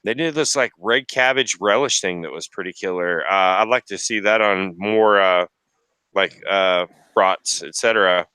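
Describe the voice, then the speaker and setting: Man, casual podcast talk, rambling and profane, bright crisp voice, dry close mic. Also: deep voice, normal speed, no room sound, poor audio. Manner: chatty, profane, rambling with fillers. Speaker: podcast co-host, market vendor.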